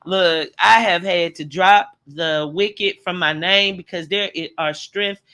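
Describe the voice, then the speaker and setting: Woman livestream host, middle-aged, bright voice, animated and slangy, greets chat by name. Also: on the low side, slow pace.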